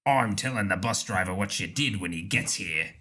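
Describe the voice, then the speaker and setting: A man's voice: on the low side, normal speed, pushed and bright, slightly rough, pitched below the performer's own voice, full character voice. A man voicing a rude, stubborn male smoker in a comedy podcast reading. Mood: smug.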